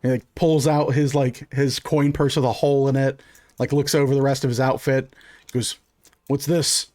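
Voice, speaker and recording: A man's voice: mid-range voice, flat delivery, moderate pace, darkish tone. A man narrating as game master in a loose, rambling way full of fillers.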